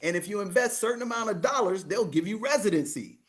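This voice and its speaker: A man's voice: sits high, expressive, fast talker, pitched above the performer's own voice. A man quoting a laid-back friend abroad. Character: relaxed male friend on a beach holiday.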